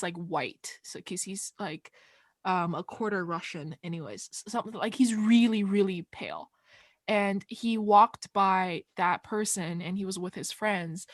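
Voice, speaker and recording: A woman who grew up in China tells a story in a relaxed, hesitant way, her speech full of fillers and small restarts. Her voice sits at a middle pitch. The recording is dry and close. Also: no room sound. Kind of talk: casual chat.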